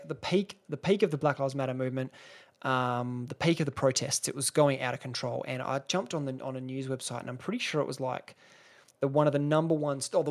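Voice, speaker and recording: A young Australian man hosting a solo podcast, rambling and sarcastic, swearing freely and restarting his sentences. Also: mid-range voice. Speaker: podcast host. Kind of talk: casual solo podcast rant.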